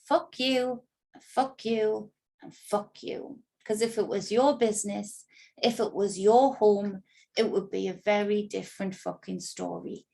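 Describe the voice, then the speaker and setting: A woman's voice: mid-range voice, creaky, darkish tone. A woman telling a personal story in an agitated, indignant monologue, swearing freely. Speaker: spiritual reader recounting an ordeal.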